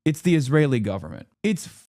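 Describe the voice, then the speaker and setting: A man's voice: fairly high pitch, big pitch swings, a little fast, dark tone, dry recording. Heated streamer man, dry close sound. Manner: heated, indignant, frequent restarts and fillers. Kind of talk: political commentary stream.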